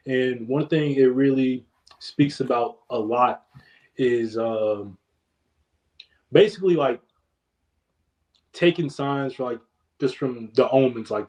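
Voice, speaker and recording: A young man, a podcast guest, in casual chat, telling stories in a laid-back, slangy way that trails off quietly. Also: medium pitch, measured pace, long pauses.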